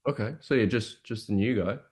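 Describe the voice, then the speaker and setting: A man's voice: fairly low pitch, a little fast, darkish tone, breathy edge. A man practising a sales call, hesitant and casual, often repeating words. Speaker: salesperson in training.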